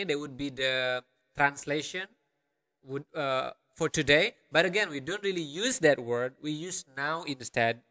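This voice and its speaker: A man's voice: a little high, sharp tone, big-room sound. A man from Bali, a language teacher who speaks patiently and keeps checking in with the listener. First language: Balinese. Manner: patient, repetitive, checks in with "okay?". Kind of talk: language lesson narration.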